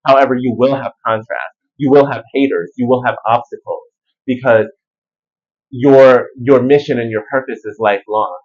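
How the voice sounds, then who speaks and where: A man giving a casual spiritual tarot reading, animated and rambling in everyday slang. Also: medium pitch, moderate pace, slightly rough, dull audio. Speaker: tarot reader.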